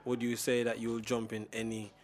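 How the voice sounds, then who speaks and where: A man's voice: medium pitch, monotone, normal speed. A man hosting a casual music interview, talkative and teasing, often checking "you understand?". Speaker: host.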